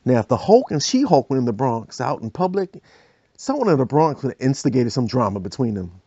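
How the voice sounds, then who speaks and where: A man hosting a podcast, telling comic stories in an animated, slangy way. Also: mid-range voice, a little fast, husky, no echo, muffled recording. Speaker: podcast host. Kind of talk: comedic storytelling.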